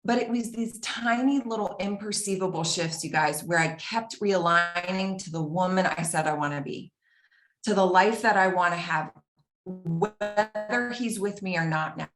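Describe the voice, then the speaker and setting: A woman's voice: medium pitch, normal speed, soft background music. Earnest woman telling a story, echoey room. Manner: earnest, animated, acts out quoted dialogue. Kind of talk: personal storytelling talk.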